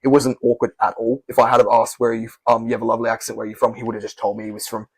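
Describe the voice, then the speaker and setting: A man's voice: mid-range voice, monotone, very fast, slightly rough, dry recording. A young man from Australia, giving casual, candid advice to camera in a rambling way with frequent self-corrections. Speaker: language learning YouTuber.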